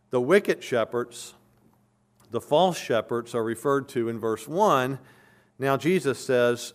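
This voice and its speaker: Man, pastor, verse-by-verse sermon, earnest and emphatic, mid-pitched voice. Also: normal speed. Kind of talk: expository sermon.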